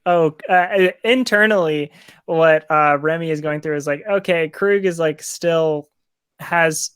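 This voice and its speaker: A woman playing a tabletop game, speaking in a relaxed, wry way. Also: low voice, clear, resonant tone. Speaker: player. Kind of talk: casual tabletop play.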